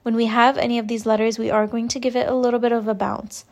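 A young woman teaching Quran recitation rules, explaining each point slowly and patiently. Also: on the high side, level tone, a little mellow. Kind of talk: step-by-step tajweed lesson.

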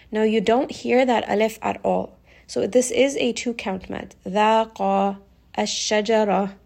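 A woman's voice: mid-range voice, creaky, a little mellow. A woman teaching recitation rules in a patient, step-by-step way, repeating each point and reciting short demonstrations. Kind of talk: step-by-step explanatory lesson.

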